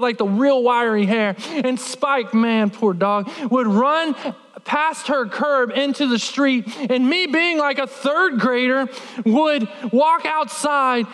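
A man preaching a sermon, telling a childhood story in an animated, humorous way with lots of filler words. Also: extremely high pitch, in a large hall. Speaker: pastor.

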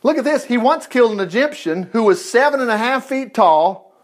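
A man reading the Bible aloud in an informal way, breaking in with excited exclamations and asides. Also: very high-pitched, brisk. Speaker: Bible teacher.

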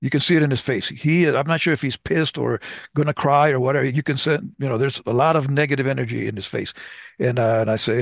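A man's voice: medium pitch, fairly even intonation, quick pace, creaky, dry recording, clean studio sound. An older man co-hosting a podcast, casually telling stories and acting out the dialogue. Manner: anecdotal, acts out dialogue. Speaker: podcast co-host. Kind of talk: casual conversation, storytelling.

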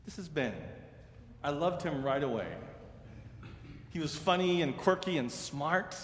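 A man, a pastor and seminary teacher, tells a story in a sermon, earnest, and he grows hushed and slow in the sad parts. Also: fairly high pitch. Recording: reverberant hall with faint ambience.

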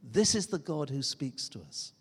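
Male preacher, earnest and emphatic, lively intonation, long church reverb. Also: medium pitch, normal speed, husky. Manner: earnest, emphatic preaching with rhetorical questions and dry humor. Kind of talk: sermon.

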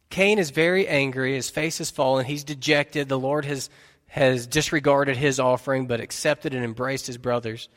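A man preaching a sermon as pastor, earnestly putting questions to his listeners. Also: mid-range voice. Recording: long reverb of a large hall.

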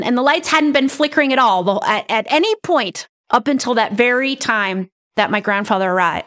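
A middle-aged woman who hosts a podcast as a medium, telling personal stories in a chatty, animated way. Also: on the high side. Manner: chatty, animated, says right and you guys. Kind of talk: casual storytelling.

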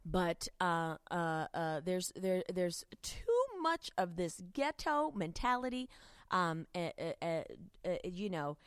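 A woman's voice: lowish voice, slow, clean tone, no echo. A woman evangelist hosting a podcast, teaching from the Bible in a casual, filler-heavy way with bits of street slang, at a studio mic. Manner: chatty and informal, with many fillers and street slang. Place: podcast studio with a co-worker present.

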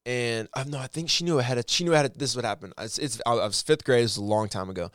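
A man's voice: mid-range voice, very fast, fairly bright tone, no echo, clean studio sound. Rambling earnest man telling a story. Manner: rambling, with frequent restarts and self-corrections; earnest and encouraging. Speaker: storyteller addressing viewers. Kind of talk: casual heartfelt storytelling.

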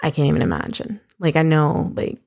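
A woman's voice: low voice, sing-song, a little fast, creaky, a little mellow. A woman in her thirties, a podcast co-host, telling a candid personal story in a chatty way, with lots of fillers and casual swearing.

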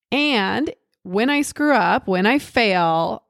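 A woman's voice: medium pitch, a little slow, no room sound, studio quality. A woman coach giving a candid, motivational pep talk, swearing freely and checking in with "right?".

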